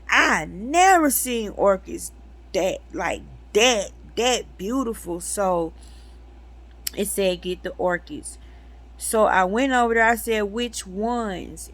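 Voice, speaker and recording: Slow, emphatic woman telling a story. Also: medium pitch, a bit bright. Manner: emphatic, addresses listeners directly. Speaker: metaphysics channel host. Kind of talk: personal storytelling to viewers.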